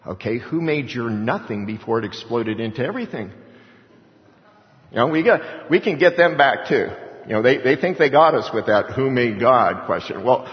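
A man's voice: medium pitch, lively intonation, moderate pace. Man preaching in an echoey hall. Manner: conversational, rhetorical questions, chuckles. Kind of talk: sermon with Bible reading. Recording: echoey hall, dull lo-fi sound.

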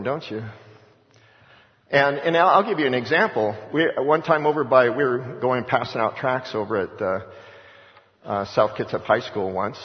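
A middle-aged man preaching a sermon as pastor, telling a story and exhorting with emphatic repetition. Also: medium pitch. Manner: storytelling with acted-out voices of others. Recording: echoey hall, dull lo-fi sound.

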